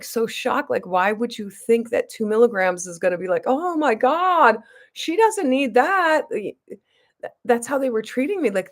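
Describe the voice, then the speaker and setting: Speaking directly to her viewers, this beauty vlogger has a slightly high voice with a gravelly creak. Her long story wanders and restarts often, and she hammers her points home with emphasis.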